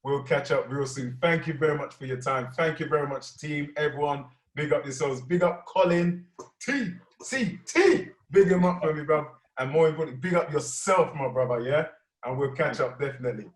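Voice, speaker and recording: A man's voice: a little high, moderate pace, far from the mic. A British man hosting a casual video-call interview, upbeat and effusive, heavy on slang. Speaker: host. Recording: echoey room, away from mic.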